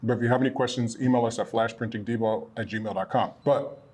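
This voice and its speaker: A man who owns a printing supply business, chatting casually and a bit ramblingly as he pitches products from his small shop. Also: steady tone, fast, a little mellow, husky. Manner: rambling, self-correcting, earnest. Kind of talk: casual promotional chat. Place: their small shop location.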